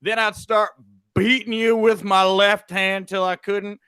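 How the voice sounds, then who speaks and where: A man putting on a blunt, threatening Southern male wrestler, with a Southern twang and slow, deliberately planted words. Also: high-pitched, level tone, pushed and bright, clear, resonant tone, dry recording, clean studio sound, pitched above the performer's own voice, exaggerated voice. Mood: mock threatening.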